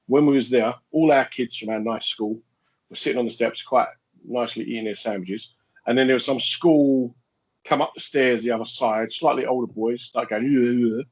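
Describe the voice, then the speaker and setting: A man's voice: medium pitch, husky, low-quality recording. A middle-aged man co-hosting a casual podcast, telling stories in a blunt, brash, joking way. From Irish background. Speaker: podcast co-host. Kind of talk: casual chat, storytelling.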